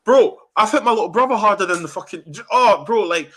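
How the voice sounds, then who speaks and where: A man's voice: high voice, fast. A young man, hosting a football fan reaction show, ranting angrily and swearing in a heated chat. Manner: angry, ranting, swearing, animated. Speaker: fan channel host.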